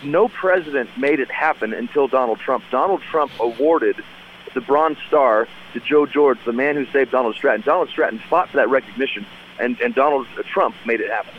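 A man's voice: mid-range voice, normal speed. A man, a senator, calling in as a radio guest with his voice nearly gone, running through upbeat talking points with lots of "uh" fillers. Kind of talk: phoned-in radio interview. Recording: tinny phone line, faint noise.

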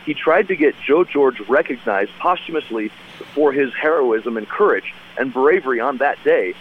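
A man's voice: mid-range voice, expressive, moderate pace. A man, a senator, calling in as a radio guest with his voice nearly gone, running through upbeat talking points with lots of "uh" fillers. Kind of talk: phoned-in radio interview. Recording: tinny phone line, faint noise.

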